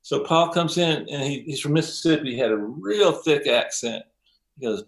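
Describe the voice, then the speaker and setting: An older man, a mix engineer as interview guest, telling stories in a lively way, acting out quotes, with many ums and some swearing. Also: on the high side, normal speed. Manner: animated storyteller, acts out quotes, frequent ums and profanity. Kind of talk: casual interview storytelling.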